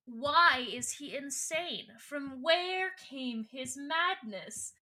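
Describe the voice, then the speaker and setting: Woman doing a pompous alien warlord, slow theatrical delivery, bright and high. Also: animated, exaggerated voice. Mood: menacing. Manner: theatrical, drawn-out proclamations. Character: scheming grandiose male alien warlord.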